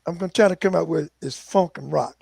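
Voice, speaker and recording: Older male guest musician, high gravelly voice, dry sound, lively storyteller. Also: quick pace, no room sound. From Philadelphia. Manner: animated, acts out quoted voices. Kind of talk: casual storytelling.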